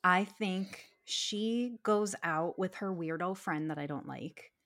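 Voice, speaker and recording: A woman co-hosting a podcast, talking in casual chat with blunt, excitable opinions and plenty of swearing. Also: lowish voice, slow pace. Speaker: podcast host.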